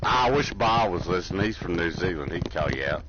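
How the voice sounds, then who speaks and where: A laid-back man bantering over a gaming headset, teasing and quick to laugh. His voice sits on the low side. The chat audio is dull and lo-fi, with clear noise behind him. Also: lively intonation. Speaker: channel host and gamer.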